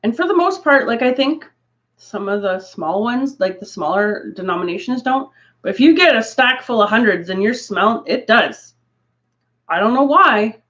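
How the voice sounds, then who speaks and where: A woman's voice: on the high side, animated, moderate pace, fairly bright tone. A woman chatting casually to viewers on a craft livestream, rambling through asides and laughing often. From Canada. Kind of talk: casual live chat. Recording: dull lo-fi stream audio.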